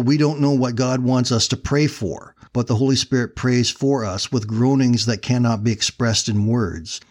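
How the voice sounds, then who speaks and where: A man preaching a sermon, telling a story in an earnest, steady way before drawing the lesson. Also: mid-range voice.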